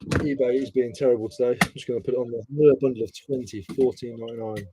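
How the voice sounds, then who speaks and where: Male streamer, mellow voice, casual swearing banter. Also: mid-range voice, steady tone, very fast, slight background noise, poor audio. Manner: rambling, swearing banter with viewers. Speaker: reseller streamer. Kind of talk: casual live-stream chat.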